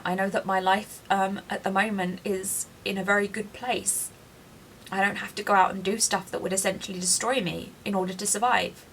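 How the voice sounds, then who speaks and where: A woman's voice: medium pitch, a bit bright, a little hiss or hum. A woman in her late thirties, crying as she confides in a personal video diary, self-deprecating and frank. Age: 30s. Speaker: vlogger.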